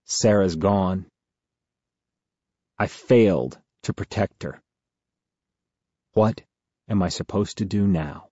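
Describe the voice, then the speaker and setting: A man narrating a first-person novel as an audiobook in a steady, measured way. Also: fairly low pitch, breathy edge, no room sound, muffled recording.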